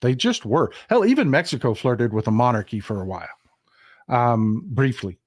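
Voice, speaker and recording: Male host, casual political commentary, folksy and animated, dry close sound. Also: medium pitch, moderate pace, no echo. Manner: folksy, animated, mocks historical figures in quoted voices.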